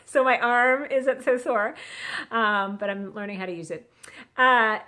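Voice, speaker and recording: A woman's voice: mid-range voice, a bit bright. A middle-aged woman talking earnestly into a phone on a selfie stick, sharing a casual Christian encouragement. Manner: chatty, earnest, acts out quotes. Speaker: vlogger sharing a devotional.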